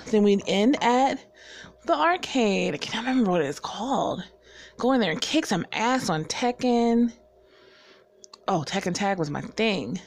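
A woman from the Southern US with no regional accent, casually telling stories in a chatty, profane way and laughing often. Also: medium pitch. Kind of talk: casual storytelling chat.

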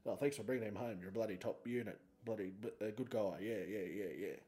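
Man putting on a gruff Aussie dad. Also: on the low side, fast talker, dark tone, voice pushed down, natural voice. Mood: friendly. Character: gruff blokey middle-aged dad, friendly.

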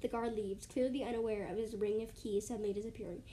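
A woman's voice: mid-range voice, steady tone, fast talker, warm tone, slight background noise. A woman casually reading aloud a second-person fan story, now and then restarting or correcting her lines.

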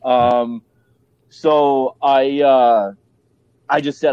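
A man's voice: mid-range voice, slow, warm tone, no echo, lo-fi sound. A man with a Canadian accent, a podcast guest telling his story bluntly and candidly, swearing freely and restarting often.

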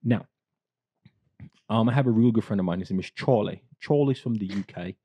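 A man co-hosting a podcast, telling stories in a crude, animated way and acting out the people he quotes. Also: on the low side, a little fast, breathy edge, dry recording. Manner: crude, animated storyteller who acts out quotes. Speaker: podcast co-host. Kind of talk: casual storytelling chat.

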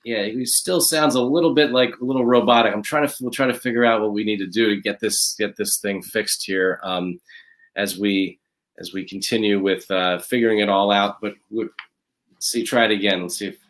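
A man's voice: lowish voice, steady tone, moderate pace, fairly bright tone. A man hosting a live online interview series, talking in a rambling, repetitive, upbeat way as he fills time and promotes upcoming guests. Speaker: host of a leadership interview series.

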